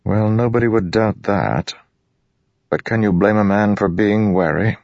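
A man voicing a wary, proud high prince who speaks skeptically and evasively, on a muffled audiobook recording. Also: measured pace, darkish tone, dry recording. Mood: guarded. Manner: skeptical, guarded, smoothly evasive.

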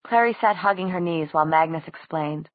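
A woman reading a novel aloud as a steady audiobook narrator, in a dry, tinny recording. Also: deep voice, fairly quick, no echo. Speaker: audiobook reader. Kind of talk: scripted narration. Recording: dry, tinny phone-like sound.

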